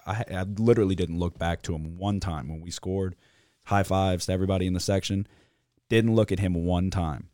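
Man, young adult, podcast host, blunt, profane, deep mellow voice, dry sound. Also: dry recording. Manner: blunt storytelling with cursing. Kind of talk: casual sports chat.

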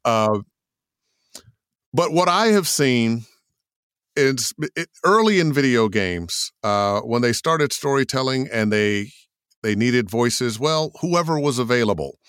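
An older man, a voice actor, answering interview questions in an animated storytelling way, acting out quotes as he goes. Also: medium pitch, slow, smooth, no echo, clean studio sound. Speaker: voice actor guest.

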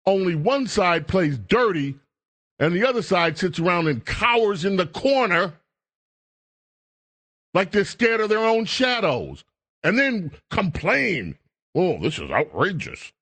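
A male talk radio host delivering a fiery, scolding rant. His voice sits fairly high for a man and swings widely in pitch as he hammers each point. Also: big pitch swings, measured pace, fairly bright tone. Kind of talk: political commentary rant.

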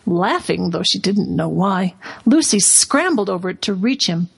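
A woman reading a storybook aloud as a guest on a radio talk show in an expressive storytelling manner. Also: medium pitch, normal speed, vocal fry, husky. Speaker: guest, curriculum company president.

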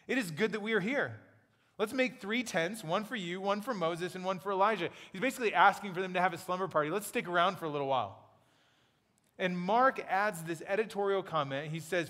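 A man preaching a sermon in a conversational, playful storytelling way, slipping into quick acted asides. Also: on the high side, fairly bright tone. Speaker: pastor. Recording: long hall reverb.

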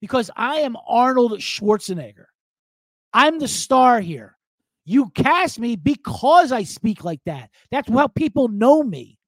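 Man impersonating a boastful action star, high and shouty, profane. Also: big pitch swings, unhurried, dry recording, full character voice. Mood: indignant.

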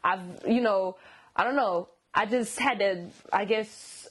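Husky-voiced woman chatting with a laugh. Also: medium pitch, slow, fairly bright tone. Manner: laughing, self-assured, sarcastic asides. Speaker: interview guest, singer. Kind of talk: casual interview chat.

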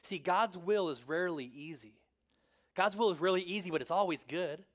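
High-voiced man preaching conversationally. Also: fairly quick. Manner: conversational preaching, frequent "right?" asides, dramatic swings from loud to hushed. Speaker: pastor. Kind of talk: sermon.

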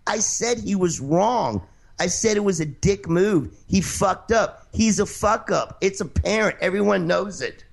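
In an angry call-in radio argument, the male host swears and gets defensive, interrupting the caller and insisting again and again on finishing. He has a high, animated voice with vocal fry and an unhurried delivery.

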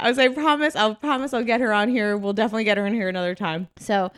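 A woman's voice: on the high side, very fast, few pauses, fairly bright tone, no echo. A young woman co-hosting a podcast, chatting casually and telling a story with lots of laughs and fillers. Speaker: podcast co-host. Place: home.

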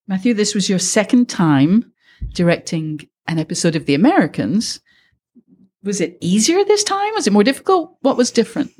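A woman hosting a podcast, asking questions in a lively way and laughing easily. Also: mid-range voice, moderate pace, slightly rough. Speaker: podcast host and interviewer. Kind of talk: interview.

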